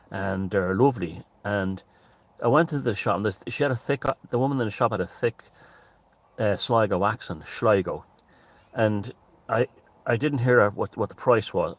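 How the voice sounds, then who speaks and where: A man with an Irish accent talking to camera in a rambling, animated monologue, swearing freely. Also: on the low side. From Ireland. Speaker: commentator. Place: outdoors near mountains.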